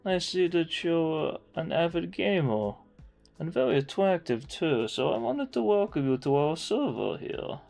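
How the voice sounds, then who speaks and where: A man voicing a smarmy, self-important male online chat moderator who flatters and boasts in an oily way. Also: on the high side, a little slow, gravelly, soft background music, voice pushed up, heavily acted.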